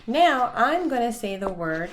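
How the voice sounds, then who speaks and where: A woman teacher leading a phonics lesson for young children, saying each word slowly and clearly and praising the listeners. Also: fairly high pitch, very animated, heavy background noise. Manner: slow, clearly enunciated words with pauses; encouraging, praising.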